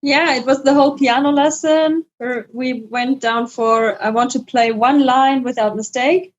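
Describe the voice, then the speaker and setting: A woman's voice: high voice, fairly even intonation, a little slow, dull audio. A woman, a podcast guest in casual chat who laughs often between her phrases.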